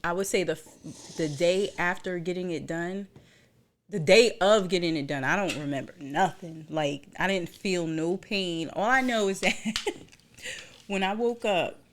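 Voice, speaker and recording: A young woman chats casually on a podcast and tells her story with lively energy, slipping into other people's voices when she quotes them. Her voice sits a little low for a woman. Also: measured pace, slight background noise. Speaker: podcast co-host. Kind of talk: casual chat.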